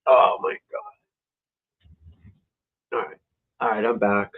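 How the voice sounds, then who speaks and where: A man with a lowish, husky voice and little pitch movement speaks slowly. He's a golf instructor hosting a casual livestream, muttering, cursing and grumbling at himself, and the audio is tinny and lo-fi like a phone.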